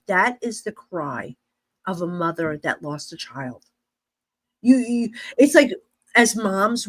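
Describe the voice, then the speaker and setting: A middle-aged woman with a New Jersey accent, a psychic medium guest on a podcast, telling a story in an animated way, acting out dialogue and laughing often. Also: on the low side, no room sound.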